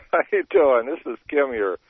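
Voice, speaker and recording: A man's voice: medium pitch, animated, normal speed, husky, no room sound. An older man calling into a radio show, chatty and jumping between topics, laughing often. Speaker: caller. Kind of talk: call-in phone conversation. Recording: tinny phone line over radio.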